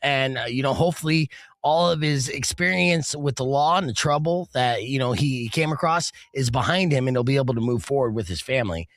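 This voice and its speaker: In a radio studio, a man hosts a talk show on a studio mic, chatting casually and loosely with many fillers. His voice is medium-pitched and brisk, with no room sound.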